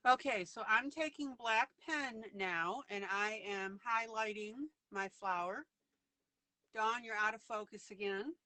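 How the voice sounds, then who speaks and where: A woman's voice: a little high, unhurried, pushed and bright, dry recording. A woman hosting a live coloring broadcast, narrating each step of her coloring as she goes.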